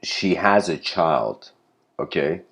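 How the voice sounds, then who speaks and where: Low-voiced man telling a rambling story. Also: animated, takes it slowly, fairly bright tone. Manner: rambling, self-correcting, many fillers. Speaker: lecturer. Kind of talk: informal spiritual lecture, storytelling.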